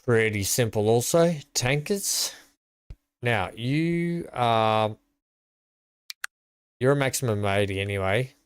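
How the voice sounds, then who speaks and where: A man's voice: mid-range voice, takes it slowly, pauses often, smooth, no room sound. An Australian man chatting casually to his live-stream viewers while playing, rambling and greeting them by name.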